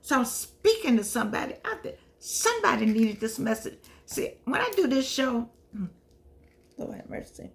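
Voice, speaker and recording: A woman's voice: a little high, sing-song, normal speed, slight background noise. An older woman, a professor hosting her own show, talking emotionally and preachily to camera, repeating herself, calling on the Lord, and near tears. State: teary. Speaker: show host and humanities professor. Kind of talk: casual heartfelt monologue to camera.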